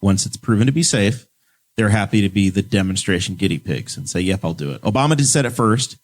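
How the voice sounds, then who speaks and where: A man's voice: on the low side, animated, brisk. A man from Indiana hosting a podcast, leading the topics with dry, joking asides in casual chat. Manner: wry, joking. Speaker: podcast host.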